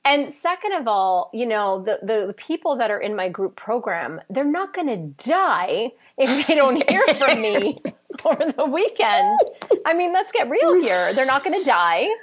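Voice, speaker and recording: A woman in casual conversation, talking in an animated, self-deprecating way with lots of laughter and fillers. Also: high-pitched, measured pace, slightly rough. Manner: frequent fillers like "like" and "you know". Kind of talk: casual chat.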